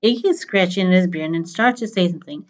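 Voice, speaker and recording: A woman's voice: on the low side, fast, highs cut off. Woman reading a novel aloud. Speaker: reader.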